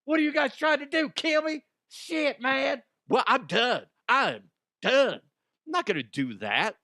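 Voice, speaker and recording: A man putting on a shrill, squawking voice as an indignant young man choking on his food. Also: very animated, a little slow, bright, forceful tone, exaggerated voice. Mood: outraged. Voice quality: high-pitched, squawking. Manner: outraged, profane.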